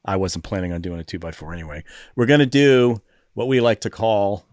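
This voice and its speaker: A man's voice: on the low side, animated, fairly quick, a little mellow, no echo, clean studio sound. A man co-hosting a film podcast who talks hesitantly and often trails off mid-thought. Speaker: podcast co-host. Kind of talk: casual film review chat.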